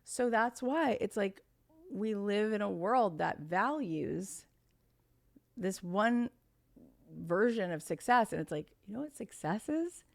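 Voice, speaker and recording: A middle-aged woman, a podcast guest and author, telling a personal story in casual conversation, animated and earnest, acting out other people's lines. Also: mid-range voice, slow, creaky. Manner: earnest, spiritual reflection.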